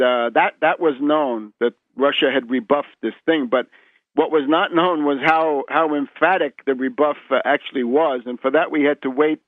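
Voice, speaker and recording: A man's voice: medium pitch, no room sound. A man guest on a radio interview, lecturing emphatically and often repeating words and tagging "right?". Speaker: guest historian. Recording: tinny phone line.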